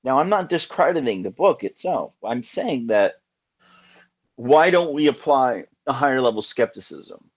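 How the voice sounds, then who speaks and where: A man's voice: mid-range voice, expressive, moderate pace, muffled recording. A man hosting a casual live call-in show, talking in an earnest, musing way with many restarts.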